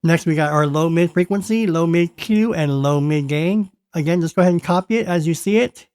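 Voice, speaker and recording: A man's voice: fairly high pitch, a little fast, a little mellow, clean tone. A man talking casually through his guitar effects settings, playful and self-amused, chuckling between remarks. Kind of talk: casual tutorial talk. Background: electric guitar playing.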